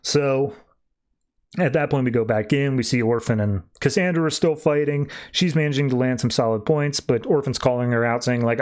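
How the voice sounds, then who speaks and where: A man hosting a podcast who recaps comic plots in a loose, rambling way. His voice sits at an average pitch. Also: a little fast, a little mellow. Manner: rambling, lots of "like" fillers. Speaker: podcast host. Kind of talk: casual comic book recap.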